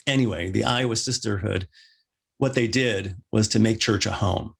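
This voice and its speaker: A male minister delivering a sermon, with wry joking asides and lively rising emphasis. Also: medium pitch, moderate pace, gravelly, husky.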